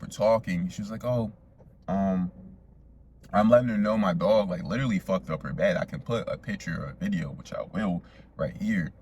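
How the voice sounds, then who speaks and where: A man's voice: low-pitched, darkish tone, slight background noise. A young man casually telling a profane, slangy story straight to his viewers as a vlogger.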